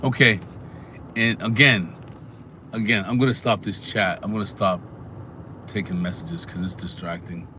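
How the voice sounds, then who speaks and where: A man hosting a casual live stream, animated and talking back to his chat. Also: on the low side, normal speed, long pauses, background noise. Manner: animated, talks back to chat, sings snatches.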